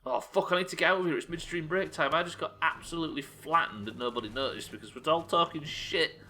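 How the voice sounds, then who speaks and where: An excitable man narrates his own gameplay for a live audience, swearing freely and breaking off to thank viewers. His voice is bright and forceful. A faint hiss sits under the desk mic. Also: fairly high pitch, fast. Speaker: game streamer.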